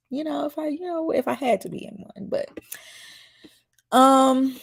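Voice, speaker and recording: A woman's voice: high-pitched, a little slow, vocal fry, long pauses, breathy edge. A woman from Mississippi with a slight Southern country accent, chatting casually as a YouTube host on a live stream and answering viewer comments. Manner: chatty, rambling, reads viewer comments aloud and answers them. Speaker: YouTube host reacting to a dating show.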